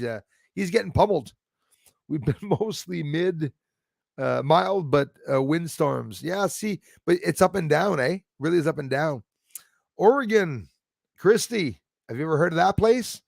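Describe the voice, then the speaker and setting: Gravelly man chatting on a livestream. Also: fairly high pitch, no room sound, studio quality. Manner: chatty, answers viewers by name, stumbles over words. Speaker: livestream host reading chat. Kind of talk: casual livestream chat.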